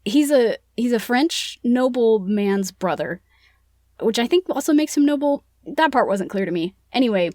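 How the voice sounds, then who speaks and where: A woman's voice: on the high side, animated, moderate pace, a little mellow, dry recording, studio quality. A woman co-hosting a casual book-club podcast, retelling a plot in a chatty, playful way with lots of "like". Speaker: podcast co-host.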